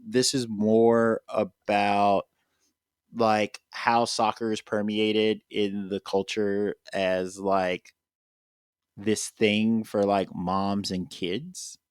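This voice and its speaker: A man's voice: on the low side, level tone, drawn-out words, smooth, no echo, studio quality. A man hosting a casual podcast chat, rambling with lots of filler words and restarts. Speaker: podcast host.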